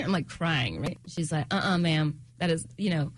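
A woman's voice: sits low, a little fast, breathy edge, dry recording. Sarcastic woman comedian telling stories. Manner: sarcastic, animated storytelling. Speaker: comedian guest. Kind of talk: casual radio chat.

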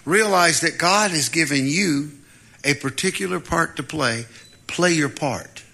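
Guy preaching, bright voice, jokey and animated, does little voices. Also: on the high side, a little slow, gravelly. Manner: animated, humorous, acts out voices. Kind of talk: sermon.

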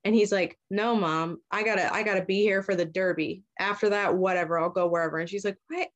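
A woman's voice: mid-range voice, steady tone, muffled recording. A young woman in casual chat, retelling a story in a loose, profane way and briefly acting out the characters' lines. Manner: casual, profane, acts out characters in quick voices. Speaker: podcast host retelling a story.

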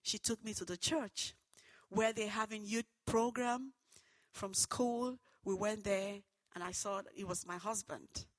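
A woman giving an earnest personal testimony that turns into preaching, moving between hushed and loud, fervent passages. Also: medium pitch, a little slow, no room sound, poor audio. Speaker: testimony speaker.

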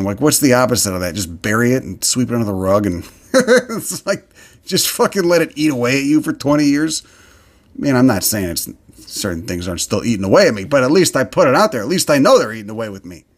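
A man's voice: medium pitch, animated, fast talker. A man hosting a solo podcast, ranting in a heated, profane, worked-up way while talking about a plant he is looking at. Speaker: podcast host. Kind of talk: casual solo podcast rant.

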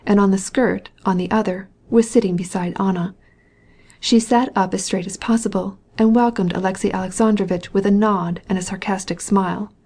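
A woman narrating a classic novel with a measured, steady reading. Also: mid-range voice. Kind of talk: scripted audiobook narration.

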